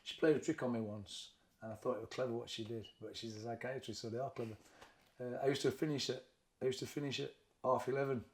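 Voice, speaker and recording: A middle-aged man with a Sheffield accent, talking candidly and haltingly in an interview, often repeating words as he recalls events. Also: medium pitch, fairly even intonation. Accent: Sheffield, Yorkshire. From England. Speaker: boxing trainer, interview guest.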